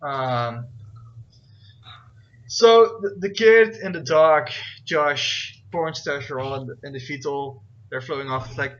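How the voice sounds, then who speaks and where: A man's voice: on the high side, slow pace, fairly bright tone. A man narrating as game master, rambling with many fillers and checking rules aloud as he goes. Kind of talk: narrating a tabletop game over voice chat. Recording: dull, lo-fi voice chat with faint noise.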